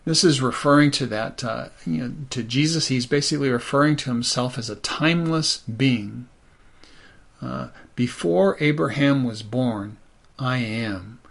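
A man's voice: medium pitch, a little slow, creaky, a bit bright. A man preaching a sermon as pastor, conversational and thoughtful, with many "you know" asides.

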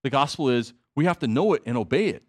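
A man's voice: medium pitch, expressive, quick pace. A man preaching a sermon to his congregation, conversational with emphatic repetition and asides. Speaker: pastor.

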